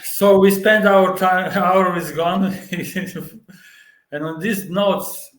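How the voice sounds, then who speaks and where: High-voiced hesitant male interviewer. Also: steady tone, drawn-out words, a bit bright. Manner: hesitant, searching for words. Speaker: interviewer, host. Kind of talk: interview questions. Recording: echoey room.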